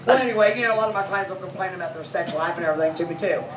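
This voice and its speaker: A woman in her forties telling brash, profane comedy stories about her son and her massage clients, laughing through her lines. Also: fairly low pitch. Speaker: massage therapist. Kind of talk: stand-up comedy storytelling. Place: comedy club. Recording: echoey room, mic from a distance, noisy.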